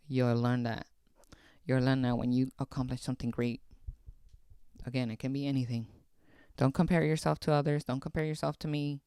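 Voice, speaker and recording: Gravelly-voiced man giving blunt motivational talk. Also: medium pitch, flat delivery, a little fast, pauses often, mellow, dry recording, clean studio sound. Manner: blunt, swears, repeats himself. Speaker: podcast host.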